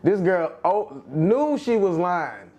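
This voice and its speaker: A man reacts to clips as the host, chuckling through his casual commentary. His voice is a little high and swings widely in pitch as he talks. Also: slow pace. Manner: laughing, lively, addresses listeners as fellas.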